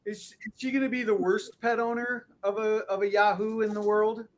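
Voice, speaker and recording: A man with a notably high voice talks in a casual podcast chat. He is blunt and playfully crude, cutting in to argue his point with friends. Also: little pitch movement, normal speed. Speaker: podcast co-host.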